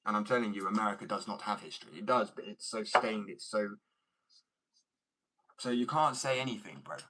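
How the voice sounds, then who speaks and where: A man from Germany fires back at his viewers in a blunt, mocking rant. His voice is bright and forceful, and he pushes each jab hard, cutting in with sharp put-downs and scoffing asides. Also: on the low side, fairly quick, poor audio. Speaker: skateboard artist streaming. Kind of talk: ranting reply to viewer comments.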